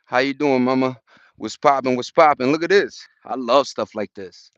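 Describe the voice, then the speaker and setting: Upbeat New York vlogger, mid-pitch, cursing and greeting chat on a walk, dry dull phone sound. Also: male voice, moderate pace, fairly bright tone, dry recording. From Brooklyn, New York. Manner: upbeat, profane street slang, greets viewers; talking while walking uphill outdoors. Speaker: livestreaming vlogger. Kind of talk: casual live-stream chat. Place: outdoors in a park on a hill. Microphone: phone held at arm's length.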